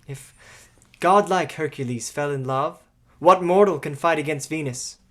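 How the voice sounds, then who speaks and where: A man's voice: fairly high pitch, unhurried, fairly bright tone. A man playing a coaxing old tutor. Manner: persuasive, coaxing, declamatory. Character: loyal tutor counselling a prince. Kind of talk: stage drama acting.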